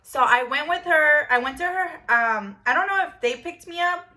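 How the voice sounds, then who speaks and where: A woman's voice: high voice, animated, normal speed, bright, forceful tone. A young woman in her twenties telling a personal story in a vlog, blunt and stuttering, with plenty of swearing. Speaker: vlogger.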